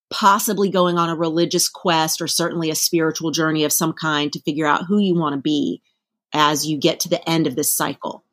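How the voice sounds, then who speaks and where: A woman on a podcast, explaining numerology with lively, playful metaphors in casual chat. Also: lowish voice. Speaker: numerology guest.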